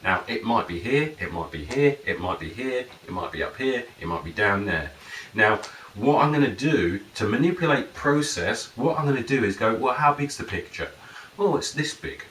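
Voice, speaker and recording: An NLP and hypnosis practitioner gives a rambling, casual explanation, acting out client dialogue in raised voices. His voice is fairly low and fairly bright, animated, at normal speed. The mic sits at a distance in an echoey room, with faint noise.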